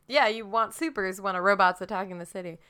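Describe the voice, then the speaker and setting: A woman co-hosting a podcast, giggly and animated in casual movie chat. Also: mid-range voice, brisk, clear, resonant tone. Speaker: podcast co-host.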